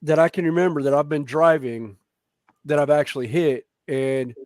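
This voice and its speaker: A man's voice: a little high, fairly even intonation, normal speed, a little mellow, no echo, studio quality. A man in his thirties with a Southern American accent, rambling through a casual chat. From North Carolina, USA. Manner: rambling and chatty, with frequent restarts and laughs.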